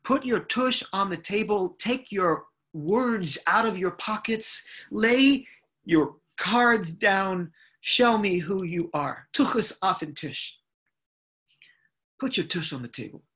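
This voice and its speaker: A man from Brooklyn giving an inspirational speech over a video call, in deliberate, repetitive, rhythmic phrases. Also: sits high, lively intonation, pushed and bright, breathy edge. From United States (Brooklyn, New York). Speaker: inspirational speaker.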